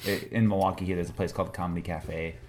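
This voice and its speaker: Low-voiced man chatting, faint hiss. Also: flat delivery, racing, a little mellow. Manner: hesitant, many fillers and likes. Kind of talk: casual chat.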